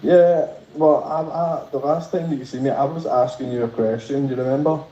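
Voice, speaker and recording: A man's voice: a little high, steady tone, a little fast, mellow, echoey room, highs cut off. A man calling into a livestream, hesitant at first and then wry and argumentative. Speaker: caller. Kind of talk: phone call into a livestream.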